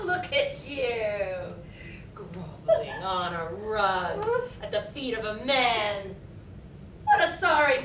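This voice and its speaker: An actress on stage playing a bitter, scheming maid, theatrical and mocking. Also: female voice, sits high, pushed and bright, heavily acted. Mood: grandiose. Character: Solange, a bitter scheming maid, adult woman. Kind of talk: stage acting. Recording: echoey stage from far off, light noise.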